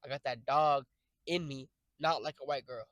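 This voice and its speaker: A young man streaming, rambling through jokey, profane tangents with sudden loud outbursts. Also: mid-range voice, normal speed, no echo, poor audio. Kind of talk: casual rambling stream chat.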